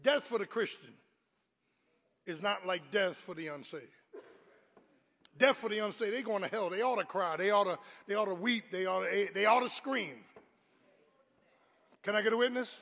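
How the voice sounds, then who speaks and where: A man preaching a sermon as pastor, with call-and-response lines, swinging from quiet talk to shouted peaks. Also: high-pitched, moderate pace, gravelly, long pauses, in a large hall.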